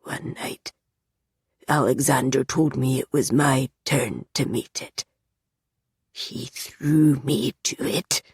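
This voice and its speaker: A woman reading an audiobook, voicing a tormented young male captive in a low, raspy, monotonous half-whisper. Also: drawn-out words, pauses often, no room sound, studio quality, full character voice. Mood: haunted. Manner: monotonous, hushed. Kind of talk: audiobook character voice.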